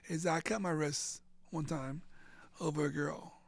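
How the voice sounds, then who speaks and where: Fifty-something guy, gravelly voice, animated storyteller, dry close sound. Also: a little high, measured pace, no echo. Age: 50s. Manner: animated, acts out quoted voices, repeats words. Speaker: interview guest. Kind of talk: emotional personal storytelling.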